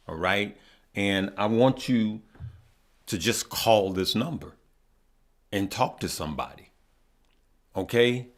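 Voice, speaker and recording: A man hosting a live stream, talking earnestly to his viewers, emotional and near tears, halting and often repeating himself. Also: lowish voice. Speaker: host of a stock market live stream.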